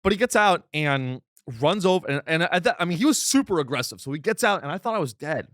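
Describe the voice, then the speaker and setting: A man hosting a comedy podcast, delivering a deadpan, rambling satirical monologue full of restarts. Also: fairly high pitch, quick pace, no room sound, studio quality. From United States.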